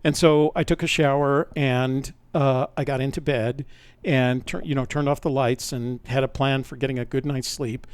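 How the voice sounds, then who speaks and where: A man's voice: mid-range voice, steady tone, normal speed, clean tone, no echo. An older man, a podcast host, telling a personal story in a rambling, conversational way, often correcting himself mid-sentence.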